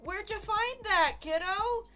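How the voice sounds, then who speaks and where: A woman voicing a wary father who speaks carefully, hesitantly and gently. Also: extremely high pitch, takes it slowly, faint music behind, voice pushed up, full character voice.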